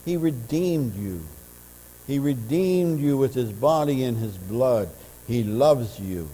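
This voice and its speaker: Male pastor, mellow tone, impassioned sermon delivery, church hall reverb. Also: mid-range voice, animated, takes it slowly. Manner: earnest preaching, swelling louder in passionate runs. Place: church sanctuary. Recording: church audio with long reverb and mains hum.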